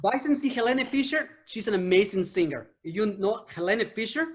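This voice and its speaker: A woman interviewer in casual conversation who is friendly and sometimes pauses to search for words. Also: medium pitch, lively intonation.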